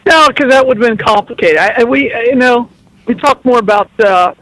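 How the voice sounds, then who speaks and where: A man's voice: very high voice, moderate pace, sharp tone, no echo, rough recording. A middle-aged man, a guest on a radio show, telling playful, teasing stories in casual chat. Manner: jokey storytelling, playful teasing. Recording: radio broadcast.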